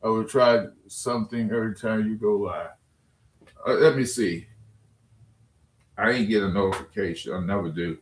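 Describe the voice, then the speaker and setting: Sitting at his home computer in a room with plenty of echo, a streamer reads chat and trades loose jokes and trash talk with his viewers. He speaks on the low side at normal speed, pausing often.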